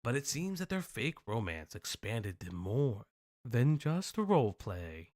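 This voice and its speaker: A young man hosting a casual live stream, reading news aloud with animated, profane joking asides. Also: mid-range voice, a little slow. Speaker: stream host.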